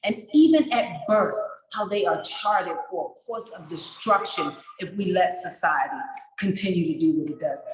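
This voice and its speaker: A woman in her forties, a summit speaker, telling a story with animated passion. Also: lowish voice, normal speed, background noise. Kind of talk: storytelling remarks at a virtual summit. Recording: echoey room.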